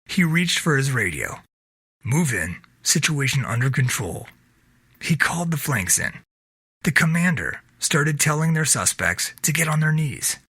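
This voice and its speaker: A man narrating his own novel in a steady storytelling read. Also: on the high side, moderate pace, slightly rough, no echo. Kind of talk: reading a self-published novel aloud.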